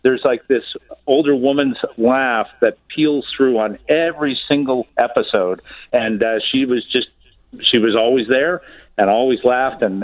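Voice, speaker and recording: A man with a Canadian accent, an actor and comedian guest, telling stories on the radio in an animated way. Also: mid-range voice, no room sound, narrow, tinny audio. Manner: animated storyteller. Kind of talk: casual radio chat.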